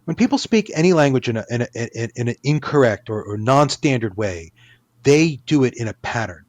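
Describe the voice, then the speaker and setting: A man's voice: mid-range voice, lively intonation, brisk, a little mellow, no echo. A man, an author, talking casually in an interview, rambling with many restarts and fillers. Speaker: author guest.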